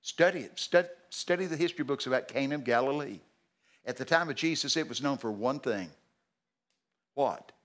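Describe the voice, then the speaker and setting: A man in his seventies with a Texan accent, preaching a sermon in a folksy, emphatic way with sudden shouted exclamations. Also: mid-range voice, moderate pace. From Texas.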